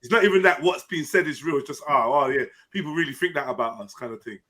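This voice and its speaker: A man's voice: on the high side, fast talker, sharp tone. A man hosting a live stream panel in casual chat, laid-back, laughing easily and using street slang. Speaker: stream host.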